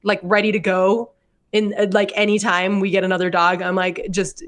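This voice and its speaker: A woman in her forties co-hosting a podcast, telling stories in a lively, animated way and laughing often. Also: mid-range voice, normal speed. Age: 40s. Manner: animated storyteller, acts out voices and laughs often. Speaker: podcast co-host. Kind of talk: casual chat.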